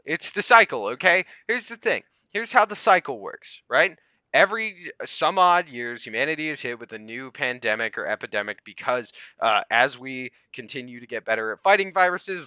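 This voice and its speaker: A man ranting to the camera, heated and sarcastic, swinging between yelling and muttering. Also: mid-range voice, clean tone, no room sound. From United States. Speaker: comedian vlogger. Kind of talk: comedic rant to camera.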